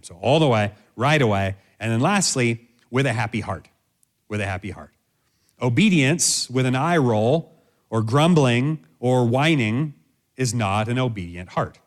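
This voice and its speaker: A man's voice: medium pitch, animated, a little slow. A man teaching in a sermon style, direct and instructive, who stresses points by repeating key phrases.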